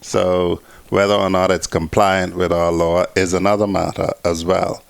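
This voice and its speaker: A man, a talk show guest, speaking in a measured, lawyerly way. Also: low voice, level tone, vocal fry, smooth, dry recording. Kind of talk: political talk show discussion.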